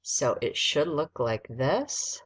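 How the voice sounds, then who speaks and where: Woman teacher, slow careful dictation, sounding out letters, husky voice. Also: low voice, sing-song. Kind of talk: recorded spelling lesson for young students.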